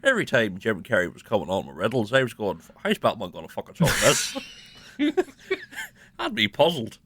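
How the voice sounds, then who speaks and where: A Northern Irish man guesting on a casual podcast, trading swear-laden banter. His voice sits fairly low and swings widely in pitch. He talks with animated energy. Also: moderate pace, slight background noise. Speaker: guest filmmaker. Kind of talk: casual chat.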